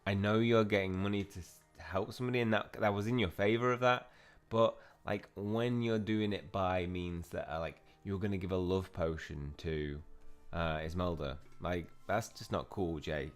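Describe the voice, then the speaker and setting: Young guy with a low voice, chatty game commentary, reads the dialogue out loud, faint game music behind. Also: normal speed. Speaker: gaming channel host. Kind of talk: casual gameplay commentary.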